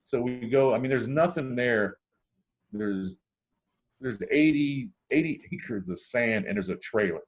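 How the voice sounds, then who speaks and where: A man from Ohio, a podcast guest telling a long personal story in a casual way, acting out the dialogue with big swings in his voice. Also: measured pace. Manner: animated, acts out dialogue with big pitch swings.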